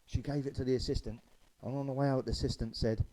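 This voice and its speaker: A man's voice: mid-range voice, steady tone, fast talker, warm tone, low-quality recording. A man telling stand-up jokes, loose and chatty, chuckling at his own punchlines. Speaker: stand-up comedian.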